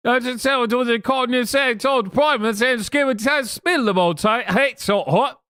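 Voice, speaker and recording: A man's voice: extremely high pitch, brisk, sharp tone, clean tone, no echo, studio quality, voice pushed up. A man putting on a garbled, exaggerated fake Cockney accent, parodying a rambling stand-up comic. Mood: mocking. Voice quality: garbled, slurred parody speech.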